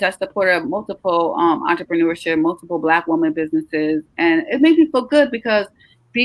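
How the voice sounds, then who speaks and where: A woman's voice: medium pitch, dry recording. A middle-aged woman hosting a casual live chat, talking in a chatty, encouraging way and sounding tired. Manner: chatty, animated, encouraging, drawn-out emphatic words. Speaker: host, travel agency owner.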